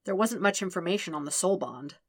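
A woman's voice: on the low side, expressive, fairly quick, breathy edge, no room sound. A goofy, jittery teenage boy warrior, put on by a woman reader for a fan audio story. He jumps into mock alarm with a raised voice and a nervous edge. The sound is close and dry. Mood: hesitant.

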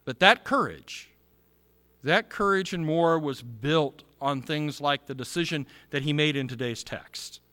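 A man's voice: a little high, measured pace, sharp tone, no echo, long reverb tail. A man preaching a sermon as pastor, earnest and building to fervent appeals.

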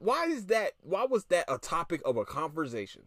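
A man's voice: a little high, sing-song, fairly bright tone, dry recording, clean studio sound. A tired podcast host, a man, ranting casually with lots of swearing and stammered restarts. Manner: irritated, profane, rapid restarts and stammers.

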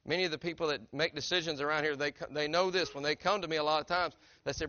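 A man's voice: a little high, steady tone, racing, hardly any pauses, pushed and bright, no echo, lo-fi sound. A middle-aged man, preaching a sermon as a pastor in a conversational, earnest way that keeps asking his congregation direct questions. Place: church sanctuary.

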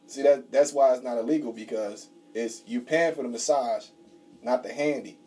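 A man's voice: medium pitch, moderate pace, dark tone, soft background music. A young man with an average voice banters on a podcast. He laughs often and swears freely while trading jokes. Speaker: podcast co-host. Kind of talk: casual chat.

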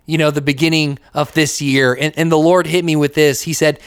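Fairly quick, smooth, and level in tone, a slightly high-voiced young US man hosts a relaxed faith podcast, leaning on "like" and acting out short quotes. Studio quality, with no room sound.

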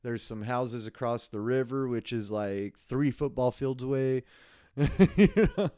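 A man's voice: medium pitch, fairly even intonation, measured pace, a little mellow, smooth, no echo, clean studio sound. A man hosting his own podcast, rambling in a casual solo monologue, swearing freely and laughing often. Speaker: podcast host. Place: home recording space.

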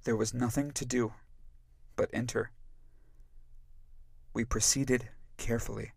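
A man reads a novel aloud in a measured, even way. His voice is gravelly and unhurried, and it is recorded close and dry with no room around it. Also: medium pitch, dry recording. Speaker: audiobook narrator. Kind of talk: scripted narration.

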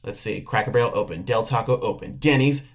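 Gravelly man reading a list with jokes. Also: fairly low pitch, quick pace. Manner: jokey, deadpan asides. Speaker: podcast co-host. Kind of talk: casual chat, reading a news list aloud.

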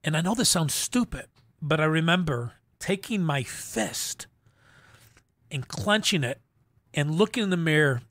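A middle-aged man telling his personal testimony as an interview guest, in an earnest, halting way with frequent restarts. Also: fairly high pitch, expressive, a bit bright, no echo, studio quality. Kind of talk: emotional personal story in a faith interview.

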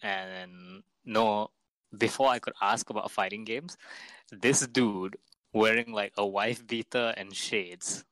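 A man's voice: on the low side, takes it slowly, vocal fry, fairly bright tone, no echo, poor audio. A young man, chatting and rambling through a story as podcast co-host. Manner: rambling storyteller, laughs a lot. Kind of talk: casual chat.

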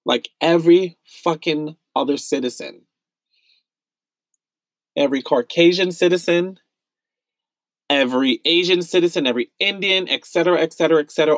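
This young American man hosts a solo podcast in a fairly high-pitched voice, recorded with no room sound. He vents with raw pain and anger, emotional and repeating himself.

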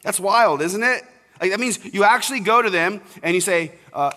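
A man's voice: high voice, normal speed, pushed and bright. A young man preaching an earnest, conversational sermon to fathers as pastor. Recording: reverberant hall.

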